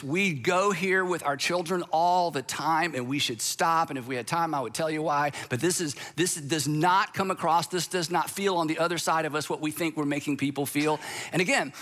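A man giving a sermon-style talk to an audience, animated and acting out the voices of the people he quotes. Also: a little high. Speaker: speaker addressing an audience.

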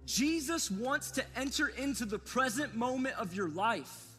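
A man preaching an earnest, repetitive sermon, speaking straight to his listeners in a high, bright, ringing voice. He is recorded with a long hall reverb, and soft music sits faintly underneath. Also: animated, a little slow. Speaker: pastor.

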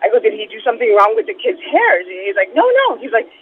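A woman calling in to a radio show, excitedly telling a story and acting out the dialogue. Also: fairly high pitch, fast talker, a crowd in the background. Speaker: caller. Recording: tinny phone line with faint hiss.

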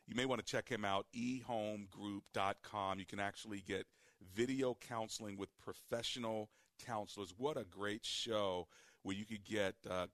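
Low-voiced man hosting a call-in show. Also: no room sound, clean studio sound. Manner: lively, direct, repeats key points. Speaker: radio call-in host and preacher. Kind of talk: call-in radio talk.

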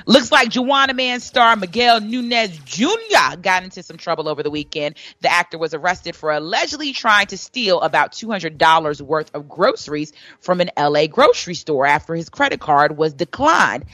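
A woman reads the day's celebrity gossip as a radio host, chatty and quick to laugh. Her pitch swoops widely. The sound is close and dry. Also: very animated, bright, forceful tone, dry recording. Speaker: radio entertainment news host. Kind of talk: radio gossip news segment.

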